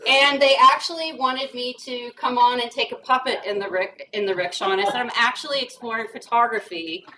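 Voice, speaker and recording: A woman's voice: on the high side, steady tone, fairly quick. Joking woman speaker, off mic. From rural Kentucky. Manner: joking, self-deprecating storytelling. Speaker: guest speaker. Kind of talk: humorous presentation talk. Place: brewery event room, indoors. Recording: distant mic with faint noise.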